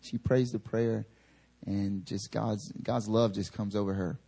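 A man's voice: fairly low pitch, a little slow, vocal fry, husky. A male pastor preaching a sermon in a casual, story-driven way, often acting out the people in his stories. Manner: animated storyteller acting out quotes; casual filler-heavy delivery. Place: church service.

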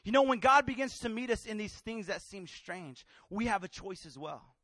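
High-voiced preacher, hushed to shouting. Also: male voice, expressive, normal speed, no room sound. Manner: swings from hushed to loud, acts out voices. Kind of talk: sermon with personal story.

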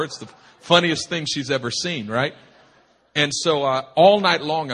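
A man preaching at a church retreat, telling a humorous personal story in an animated, rambling way full of restarts. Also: mid-range voice, husky. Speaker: pastor. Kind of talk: sermon storytelling. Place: retreat meeting hall.

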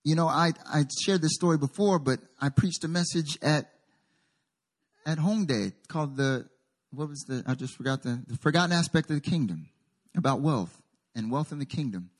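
A man pastor preaching a sermon, animated, with call-and-response to the congregation and story-telling asides. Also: a little high, moderate pace.

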